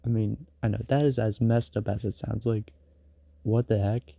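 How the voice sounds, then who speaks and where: A man's voice: fairly low pitch, fairly even intonation, moderate pace, gravelly, no room sound, dull audio. A man rambling in a casual late-night stream monologue, full of fillers and restarts. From United States.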